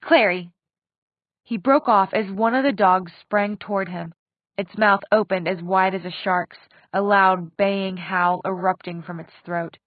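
A woman reading an audiobook in a steady, expressive narration. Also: mid-range voice, measured pace, no room sound. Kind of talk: scripted narration. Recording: dry tinny phone-like sound.

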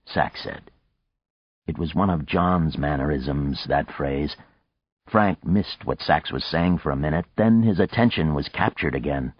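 A man narrating an audiobook in a measured, expressive way, in a dry, dull lo-fi recording. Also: rumbling low, no echo.

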